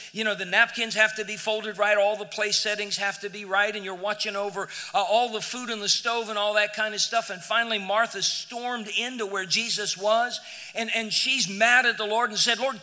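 A male pastor preaching a sermon in a church, emphatic, moving from near-shouts to hushed, quiet passages. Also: sits high, long reverb tail. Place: church sanctuary.

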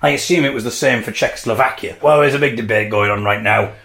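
A man with a medium-pitched, slightly bright voice talks fast as he hosts a podcast alone. He muses wryly and playfully, acting out mock debates in a solo comic monologue.

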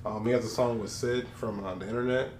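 A man chats in an easy, slangy way on a podcast among friends. His voice sits at a middle pitch. The room is echoey, with a faint hum behind him. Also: quick pace. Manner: relaxed, slangy. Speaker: podcast co-host. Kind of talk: casual podcast chat.

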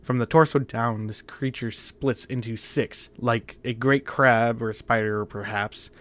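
A man narrating a first-person horror story in a measured, tense, often quiet way. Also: medium pitch, fairly even intonation.

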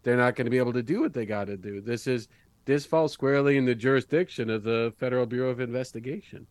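Rich: A tough FBI agent who makes blunt threats and won't be pushed around, as a man plays him at a tabletop game. His voice is mid-pitched and sounds dry and close to the mic, with no room around it. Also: fast, darkish tone, smooth, no room sound, close to an everyday voice. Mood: firm. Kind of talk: in-character role-play.

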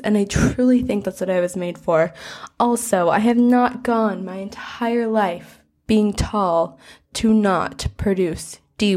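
A giggly young American woman in her early twenties co-hosts a casual podcast, talking into a small travel mic in a hotel bathroom. She rambles from one story to the next at a middle pitch. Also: darkish tone. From United States. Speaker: podcast co-host. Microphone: portable travel mic.

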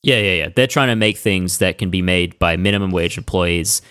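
Male podcast host, low register, dry close sound, relaxed storyteller. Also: a little fast, smooth, no room sound. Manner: conversational, relaxed storytelling with restarts. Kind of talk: casual chat.

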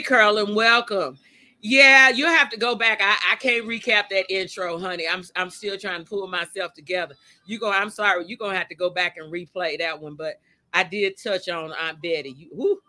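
Outdoors in the wind beside a motion-sensor light, a woman hosts a casual live stream. Her lowish voice sounds pushed and bright as she talks to viewers directly, chatty and emotional.

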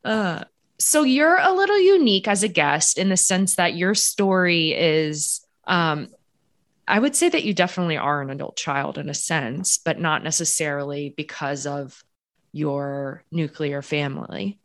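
This is a woman with a low voice who hosts a podcast interview. She talks casually and frankly and uses easy fillers. The recording is dry and close, with no room echo. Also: expressive, a little slow. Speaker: podcast host.

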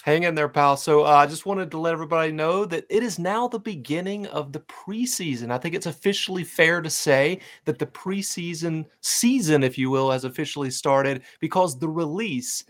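A man's voice: a little high, moderate pace, few pauses, a bit bright. A man hosting a casual fan podcast, upbeat and hype-driven, with lots of fillers and restarts. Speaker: podcast host. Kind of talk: casual fan-show chat.

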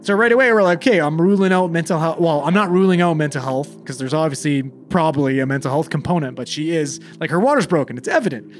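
A man's voice: a little high, lively intonation, fast, few pauses, a little hiss or hum. A young man, a paramedic, casually telling a call story, swearing freely and acting out the dialogue.

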